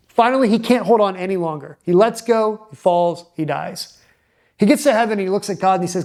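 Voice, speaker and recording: A man's voice: high voice, expressive, fast, a little mellow. A man who is a real estate investor, giving direct-to-camera advice in an emphatic, punchy coaching manner.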